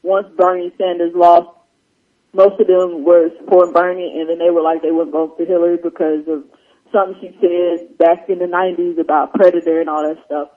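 A man's voice: sits high, little pitch movement, a little fast, narrow, tinny audio. A man joining a radio show, talking loosely in a rambling, restart-heavy way. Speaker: radio co-host. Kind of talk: casual on-air discussion.

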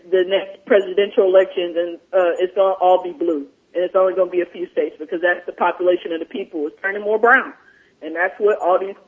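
A man co-hosting a radio show in casual talk, animated and rambling, with a husky voice. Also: sits high, narrow, tinny audio.

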